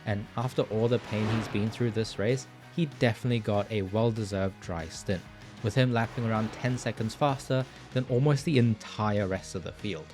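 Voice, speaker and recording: A man's voice: lowish voice, moderate pace, over music. A young man hosting a sim racing video, narrating his team's endurance race and joking with teammates over voice chat. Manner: lively, laughs often with teammates.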